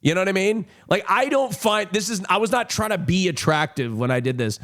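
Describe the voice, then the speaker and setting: A man's voice: high voice, expressive, a little fast, fairly bright tone. A young man chatting casually on a livestream at home, rambling and self-mocking with lots of fillers. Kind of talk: casual chat. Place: home streaming room.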